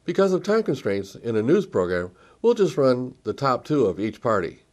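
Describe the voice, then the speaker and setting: A man's voice: medium pitch, big pitch swings, moderate pace, a little mellow. A man hosting a commentary show, presenting and introducing clips in a scripted way.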